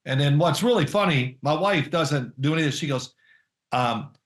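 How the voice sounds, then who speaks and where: An older man, a former football player being interviewed, telling stories in a lively, chatty way and laughing often. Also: on the high side, moderate pace, roomy sound. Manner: animated storyteller, mimics others, laughs often. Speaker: guest, former NFL quarterback and analyst. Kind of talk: casual remote interview.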